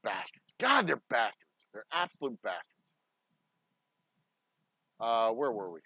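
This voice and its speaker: A man's voice: mid-range voice, big pitch swings, measured pace, sharp tone, slightly rough, no room sound, dull audio. A man, a distillery owner talking casually in a vlog, swearing heavily as he rants and rambles into stories. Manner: profane, ranting, heated. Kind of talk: casual behind-the-scenes vlog talk.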